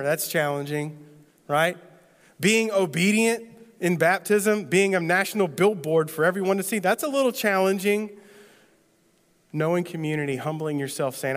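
A man with a fairly high voice delivers a sermon in a loose, conversational style, checking in with his listeners through frequent rhetorical questions. His words ring out with a long reverb, as if spoken in a large sanctuary. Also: fairly bright tone. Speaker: pastor.

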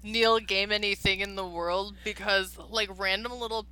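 A woman from Chicago co-hosting a podcast, chatting casually with playful jokes and animated stories. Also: medium pitch, normal speed, clean tone, low-quality recording. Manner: playful, joking, animated storytelling. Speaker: podcast co-host. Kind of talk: casual chat.

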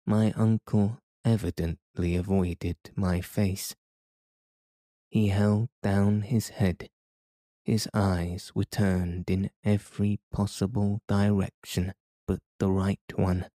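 Male audiobook narrator, deep low voice, very slow, measured reading. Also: flat delivery, mellow, no echo, clean studio sound. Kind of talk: scripted narration.

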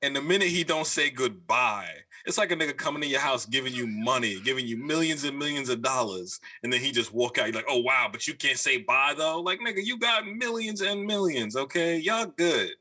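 A man's voice: medium pitch, animated, brisk, few pauses, sharp tone. A man co-hosting a podcast in a casual, profane, joking way, riffing energetically. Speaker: podcast co-host. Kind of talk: casual chat.

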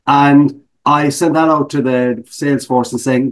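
A man's voice: mid-range voice, steady tone, a little slow. A middle-aged man from Ireland with an Irish accent, a guest speaker telling stories in a casual interview with self-mocking humor.

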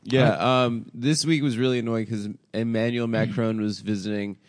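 A man's voice: mid-range voice, steady tone, normal speed. A young man co-hosting a comedy podcast, riffing crudely and laughing often in casual chat. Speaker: podcast co-host.

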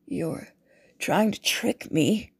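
Woman doing a gruff knife-wielding guard. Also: sing-song, slow, dry recording, clean studio sound, heavily acted. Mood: muttering. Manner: low gruff threatening mutter. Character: menacing male desert guard with a knife.

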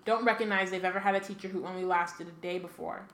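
A woman reading the lines of a huge, gruff male groundskeeper from a novel, in a thick voice. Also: lowish voice, steady tone, fast, a bit bright. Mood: gloomy. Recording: echoey room with faint ambient noise.

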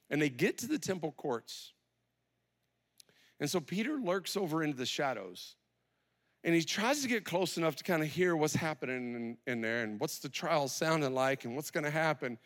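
Animated male preacher telling a story. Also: a little high, moderate pace. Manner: animated, acts out scenes with quoted voices. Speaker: pastor. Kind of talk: sermon storytelling.

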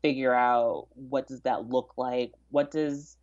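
A woman's voice: a bass voice, steady tone, slow pace, a little mellow, dull audio. A woman chatting as a podcast guest, talkative, with frequent fillers and restarts. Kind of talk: casual interview chat.

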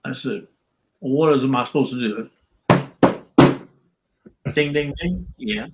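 An older man tells a long story as a podcast guest. He talks casually, and his pitch jumps high whenever he acts out what others said. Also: a little slow, heavy background noise. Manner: animated storyteller, acts out quotes with shifting pitch. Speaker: former pro wrestler, guest. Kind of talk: storytelling interview. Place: podcast recording.

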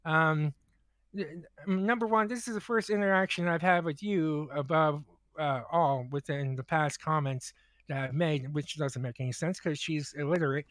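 A man with a high voice telling a rambling, profane story on a comedy podcast. He stumbles and repeats words as he goes, and the sound is dry and close. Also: moderate pace, fairly bright tone, no echo. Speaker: podcast co-host.

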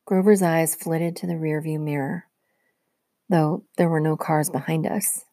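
A woman teacher reading a novel aloud to her class with steady storytelling narration. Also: low-pitched, a little slow, dry recording.

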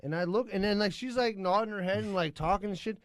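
High-voiced man telling a profane story. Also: quick pace, no echo. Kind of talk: casual chat.

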